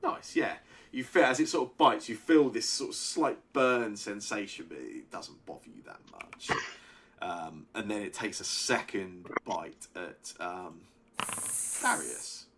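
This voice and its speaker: A man running a tabletop game as game master, narrating monster attacks in a relaxed way with frequent laughs and ums. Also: lowish voice, unhurried, very noisy.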